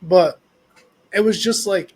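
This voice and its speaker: A man's voice: sits high, slow pace, a little mellow. A man hosting a podcast, chatting casually and laughing easily while telling his own story. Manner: laid-back, laughs easily, short backchannels. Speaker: podcast host. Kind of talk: casual chat.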